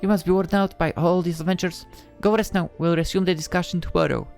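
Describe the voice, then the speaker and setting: A woman voicing a fairy godmother, explaining things in a measured, formal way. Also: on the low side, steady tone, gravelly, darkish tone, soft background music. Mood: gentle.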